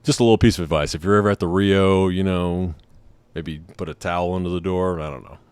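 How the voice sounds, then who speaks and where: A man's voice: sits low, steady tone, fast talker, darkish tone, clear, resonant tone, no room sound. A man in his thirties hosting a podcast, telling a personal story in a candid, joking way with many casual asides. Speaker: podcast host.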